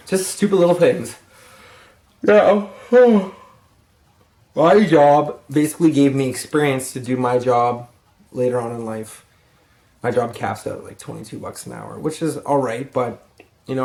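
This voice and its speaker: A man's voice: mid-range voice, a little mellow, roomy sound. A tired young man giving rambling, profane advice on getting a raise, with yawns and sighs. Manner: rambling, profane, yawning and sighing. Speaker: vlogger, lumber yard crew lead. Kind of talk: rambling casual advice vlog. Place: room at home.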